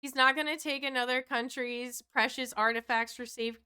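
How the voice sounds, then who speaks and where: A woman's voice: sits high, fairly even intonation, normal speed, hardly any pauses, sharp tone, clean tone. A woman in her thirties streaming, chatting casually and joking, often laughing. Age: 30s.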